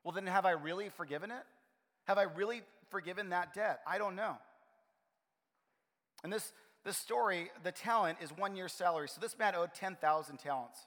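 A man preaching a sermon in a relaxed, conversational way, often restarting his phrases. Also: sits high, moderate pace. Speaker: pastor. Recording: reverberant hall.

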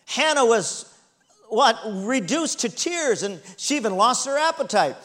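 A man's voice: extremely high pitch, very animated, a little slow, fairly bright tone. A man in his sixties preaching a sermon, reading scripture dramatically and calling the congregation to respond. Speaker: pastor.

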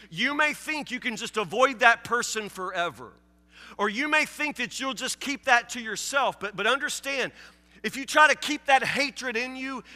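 A man's voice: extremely high pitch, pushed and bright, big-room sound. A male pastor preaching a sermon with emphatic repetition, acting out his listeners' objections. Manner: emphatic, repeats key phrases, acts out listeners' objections.

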